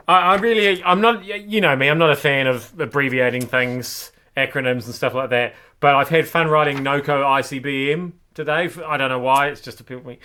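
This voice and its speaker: A man's voice: medium pitch, a little fast, few pauses, pushed and bright, clean tone. A man hosts a comic news show, rambling with hesitant restarts and wry asides. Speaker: comedy show host.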